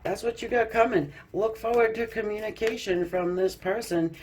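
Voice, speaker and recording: A woman's voice: medium pitch, moderate pace, darkish tone, slight background noise. A woman giving a casual tarot card reading, chatty and loose, laughing often and restarting her sentences. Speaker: tarot reader.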